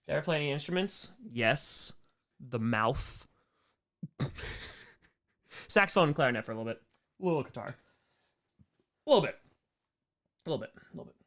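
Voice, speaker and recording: A man runs a relaxed live-stream Q&A, reading viewers' messages and tossing back jokes with a quick laugh. His voice is animated and moves widely in pitch. He keeps a loose, playful chatty manner throughout. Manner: playful, jokey, reads chat aloud and laughs often. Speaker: comedian streamer answering chat.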